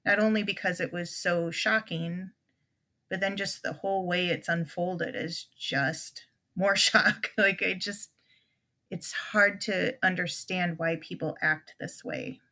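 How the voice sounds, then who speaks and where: A woman's voice: lowish voice, steady tone, takes it slowly, sharp tone. A middle-aged woman, a podcast guest, telling an emotional personal story with many restarts and quoted conversations.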